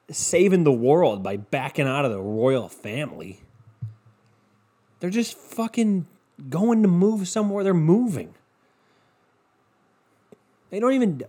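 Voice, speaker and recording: A man's voice: on the high side, a little mellow. A young man from the United States ranting casually, sarcastic and profane, mocking his topic.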